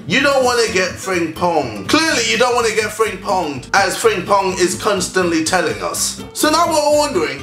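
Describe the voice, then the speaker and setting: Young man, vlog host, goofy, shouty, high lively voice, echoey room. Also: unhurried, faint music behind. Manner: loud, goofy and jokey, bursting into shouts. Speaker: vlogger host. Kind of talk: comedic vlog Q&A.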